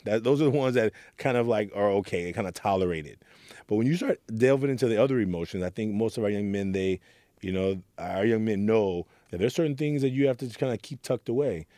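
A man's voice: lowish voice, animated, brisk, dark tone, no echo, clean studio sound. A man from Oakland who leads a youth program, earnestly telling stories from his past and acting out what people said. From Oakland, California. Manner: earnest, storytelling, acts out quotes. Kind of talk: reflective interview talk.

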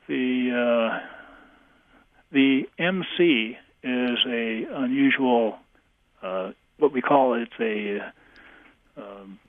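A male English professor answers questions on a radio call-in show, halting often and using many fillers. His voice is mid-range, recorded dry over a tinny phone line.

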